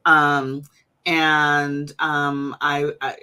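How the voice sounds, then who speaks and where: A woman's voice: low-pitched, level tone, drawn-out words, bright, forceful tone, clear, resonant tone. A woman hosting a casual conversation, chatty, with many fillers and restarts. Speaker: host.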